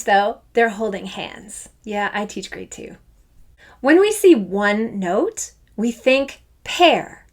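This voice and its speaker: A middle-aged woman music teacher from Canada, giving a playful, upbeat online lesson for children. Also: mid-range voice. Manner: enthusiastic, playful, speaks to children.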